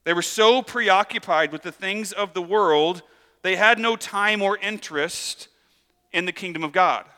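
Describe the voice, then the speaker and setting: A man preaching a sermon in a casual, conversational way, acting out lively asides. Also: high voice, measured pace, long reverb tail. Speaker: pastor.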